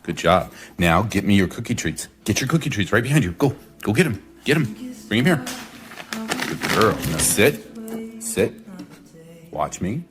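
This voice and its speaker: A man training his pet dog at home, giving short commands and coaxing praise that often jumps up high with excitement. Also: unhurried, long pauses, music in the background.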